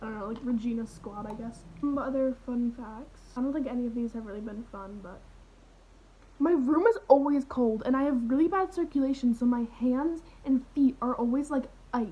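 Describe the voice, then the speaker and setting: A woman's voice: on the high side, moderate pace, dull audio. A teenage girl rambling through a parody vlog in her bedroom, full of fillers and drifting into whispers. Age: teens. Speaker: vlogger.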